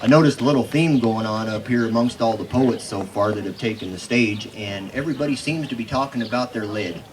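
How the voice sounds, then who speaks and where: A man's voice: lowish voice, a little fast, background noise. Middle-aged man, cowboy poet, folksy, chatty, stage mic. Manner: folksy, easygoing, chatty with the crowd. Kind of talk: folksy stage storytelling and recited verse.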